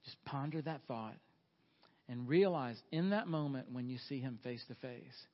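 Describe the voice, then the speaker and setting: A man's voice: mid-range voice, expressive, moderate pace, dull audio. A middle-aged man preaching a sermon, earnest and folksy, pressing his listeners with questions. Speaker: pastor.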